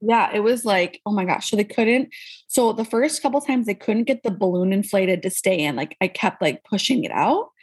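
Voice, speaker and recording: A woman's voice: mid-range voice, normal speed, slightly rough. A young woman guest candidly recounting her experiences in a casual interview, acting out what others said. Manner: candid, animated, acts out quoted voices. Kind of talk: casual conversational storytelling.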